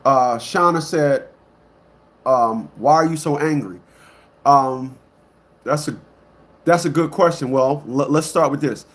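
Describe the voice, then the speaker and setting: A man's voice: slow pace, long pauses. Blunt, emphatic man ranting. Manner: swings between loud outbursts and low muttering. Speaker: online commentator. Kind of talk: ranting monologue to a live audience.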